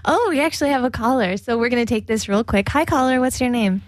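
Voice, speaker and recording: A woman hosting a radio show, chatting casually on air in quick, giggly bursts from a studio. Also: on the high side, animated, no room sound. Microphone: studio mic.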